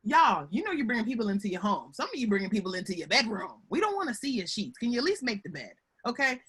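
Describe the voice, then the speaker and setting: A woman giving a lively, chatty webinar talk over a video call from home, often calling her audience y'all. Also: on the high side, slightly rough. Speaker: guest speaker on workplace relationships.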